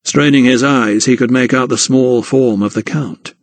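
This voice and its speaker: A man narrating a historical mystery audiobook in a measured storytelling manner. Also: medium pitch, fairly even intonation, dry recording. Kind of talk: scripted narration.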